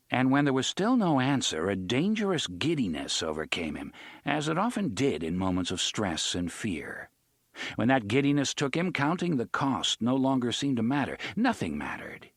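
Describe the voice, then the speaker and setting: Male narrator of a dark fantasy audiobook, animated and close-miked in a dry booth. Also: mid-range voice, no room sound. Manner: expressive, voices each character.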